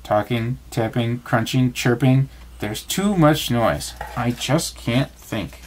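A man's voice: medium pitch, slow pace, slight background noise, close to an everyday voice. A man voicing a fussy, fretful male rabbit who sputters and exclaims in a raised voice. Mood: flustered.

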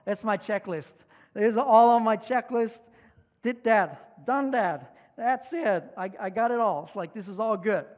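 Eager, pushy young man, raised and bright as a preacher puts him on, long church reverb. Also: sits high, pitched above the performer's own voice. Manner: excited, pushy, rushing questions.

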